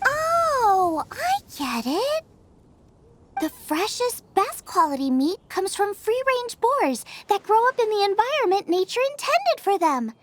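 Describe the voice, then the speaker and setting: A woman voicing a cheerful young female chef in a video game, bubbly and excitable about food. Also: extremely high pitch, measured pace, no room sound, full character voice. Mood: earnest. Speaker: game character. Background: game music.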